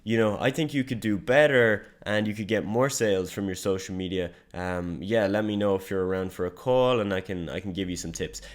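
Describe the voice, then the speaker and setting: Give me a hesitant, low-energy young salesman, as a man acts him out, mumbling softly and slowly. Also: natural voice. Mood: unsure. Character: nervous unconfident young man leaving a sales voice message.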